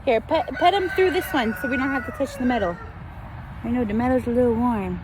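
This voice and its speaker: A young woman vlogging on a farm, cooing excitedly at animals and a toddler, filmed on a handheld phone camera. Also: high voice, a little slow, long pauses. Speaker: vlogger, mother. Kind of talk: casual vlog chat. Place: outdoors on a farm. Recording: outdoor noise and ambience.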